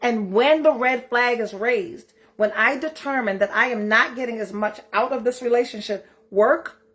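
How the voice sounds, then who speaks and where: Middle-aged female host with a fairly high voice, blunt and emphatic, cussing freely in a casual motivational talk. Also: moderate pace, a bit bright. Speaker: self-care challenge host.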